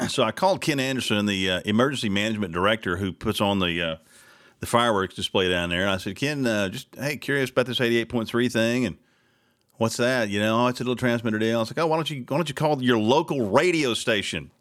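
A local radio host with a twang, a man holding forth alone at the mic. His talk is loose and rambling, turning exasperated and sarcastic as he vents. His pitch sits in an ordinary middle range for a man. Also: fast talker, a bit bright. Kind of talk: casual talk radio monologue.

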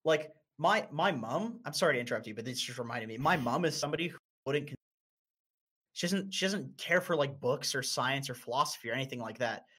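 Young North American man, casual co-host, profane and animated, prone to sudden pitch spikes. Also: brisk, husky. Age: 20s. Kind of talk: casual chat.

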